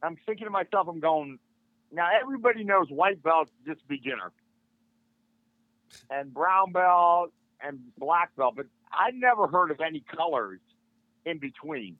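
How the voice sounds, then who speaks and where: An older man with a notably high voice tells a story in a lively, casual way, slipping into the voices of the people he quotes. He is a martial arts instructor appearing as a podcast guest. He comes through a thin, phone-like line with no room sound at all. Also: a little slow, no room sound. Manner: animated, acts out quoted dialogue. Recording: tinny phone-like line, dry.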